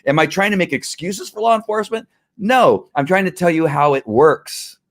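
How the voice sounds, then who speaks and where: A man's voice: high voice, expressive, moderate pace. Fired-up man talking police training. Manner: earnest, fired-up, many restarts and fillers. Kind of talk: live-streamed casual talk.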